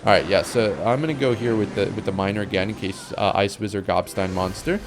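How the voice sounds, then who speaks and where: A young man giving casual commentary on his own game, chatty and rambling, with sudden excited outbursts. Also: lowish voice, fast talker, noisy background. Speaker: gameplay commentator.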